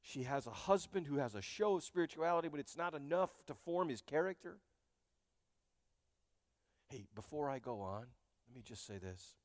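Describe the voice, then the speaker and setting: A man preaching a sermon as pastor, animated and joking, speaking straight to his congregation in a church. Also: fairly high pitch, normal speed, long pauses, no room sound, clean studio sound, big-room sound. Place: church sanctuary.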